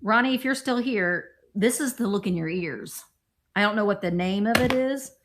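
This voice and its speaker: A woman's voice: mid-range voice, moderate pace, background noise. A middle-aged woman chatting casually as she shows off a thrift haul, rambling and talking to friends nearby. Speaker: thrift vlogger. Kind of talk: casual haul show-and-tell.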